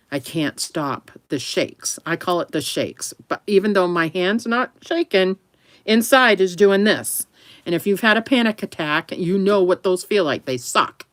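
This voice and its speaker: A lowish-voiced woman with no echo on the recording. As a vlogger, she chats casually and rambles to camera, laughing frequently and addressing her dog fondly in between.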